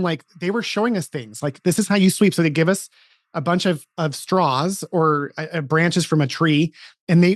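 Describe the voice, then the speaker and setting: A man in his forties hosting a casual podcast chat, his voice sitting a little high for a man. He tells stories with animated energy, breaking off and restarting his sentences as he goes. The sound is close and dry, with no room echo. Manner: animated storytelling with frequent restarts. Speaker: podcast host.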